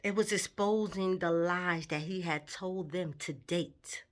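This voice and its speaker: A woman's voice: on the low side, a little slow. A woman telling a personal story in a candid, emotional vlog, with her intensity rising at times. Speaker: vlogger.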